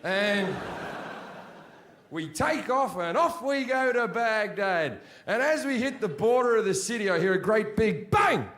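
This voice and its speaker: A man's voice: sits high, unhurried. Brash, profane man telling stories on stage. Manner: brash, profane, animated storytelling with sudden shouted punchlines. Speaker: stand-up comedian. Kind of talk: stand-up storytelling. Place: comedy stage before a laughing audience. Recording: live show audio with loud audience laughter.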